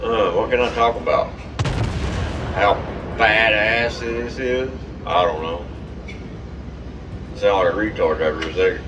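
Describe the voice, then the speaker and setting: A man giving excitable, profane, trash-talking commentary over his own gameplay. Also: on the low side, a little slow, pauses often, distant mic, lo-fi sound, noisy background.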